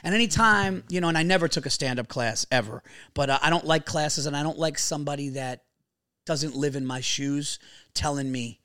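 A man, a comedian telling stories on a podcast, animated and swearing freely. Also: fairly high pitch, a little fast, dry recording, studio quality. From New York. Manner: animated storyteller, swears freely, acts out quotes. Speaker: comedian guest. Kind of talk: casual podcast chat.

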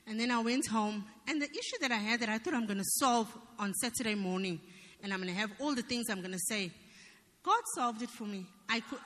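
Woman, church member sharing testimony, higher voice with a bright edge, earnest and emphatic, long church-hall reverb. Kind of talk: personal testimony.

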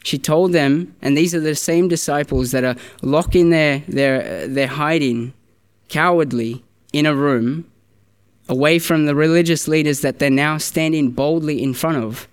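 A man's voice: a little high, a little slow, smooth. A man preaching a sermon in a church, earnest and conversational, often restarting his sentences. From Australia.

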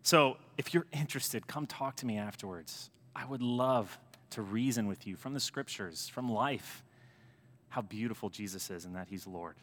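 Bright, forceful American priest preaching. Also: male voice, fairly low pitch, moderate pace. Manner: animated storytelling with emphatic swings in loudness. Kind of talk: sermon. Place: church sanctuary. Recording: long church reverb.

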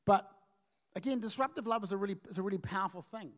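High-voiced man preaching a sermon. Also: fast. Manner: storytelling, energetic with frequent restarts. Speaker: pastor. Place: church service.

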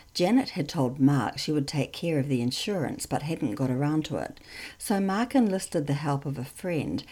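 A woman narrating a documentary podcast in a measured, matter-of-fact scripted read. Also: deep voice, mellow.

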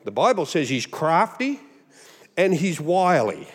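An Australian man preaching a sermon, animated and humorous, mimicking voices as he goes. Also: on the high side, measured pace, husky, long reverb tail. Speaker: pastor.

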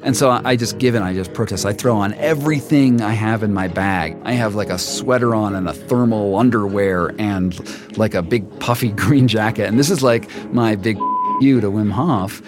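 A man telling his own story in the first person, halting and full of restarts and repeats. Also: lowish voice, over music. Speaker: storyteller guest.

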